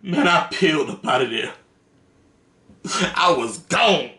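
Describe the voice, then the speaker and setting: A man's voice: fairly high pitch, big pitch swings, slow pace, pushed and bright. A man telling stories to the camera in a casual, slangy, profane way, laughing between them. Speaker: vlogger. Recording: roomy echo.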